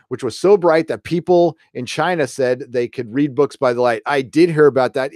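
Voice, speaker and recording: A man's voice: medium pitch, gravelly, darkish tone, dry recording, studio quality. A middle-aged man hosting a casual live stream, rambling through stories with profanity and laughing as he reads chat. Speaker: host reading live chat.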